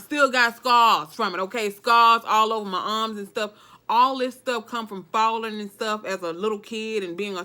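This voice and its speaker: A woman's voice: mid-range voice, sharp tone. A woman from Alabama with a Southern accent, talking casually and emphatically to her viewers. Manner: chatty, emphatic, keeps saying okay, dialect grammar. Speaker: vlogger. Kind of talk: casual motivational talk to camera.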